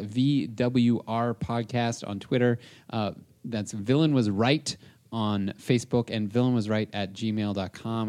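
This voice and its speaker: A man's voice: medium pitch, smooth. A man co-hosting a podcast in casual chat, rambling with many fillers and frequent laughs. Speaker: podcast co-host.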